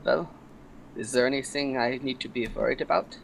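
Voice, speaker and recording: Gravelly-voiced male tabletop player. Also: medium pitch, moderate pace, slight background noise, low-quality recording. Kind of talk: in-character tabletop role-play.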